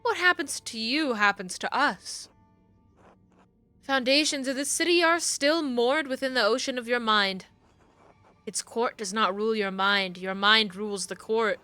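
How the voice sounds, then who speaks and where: A woman's voice: pushed and bright, soft background music. A woman voicing a solemn spirit of melancholy. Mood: somber. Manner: slow, solemn, low recitation. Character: gloomy female spirit of melancholy. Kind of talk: reading game dialogue aloud.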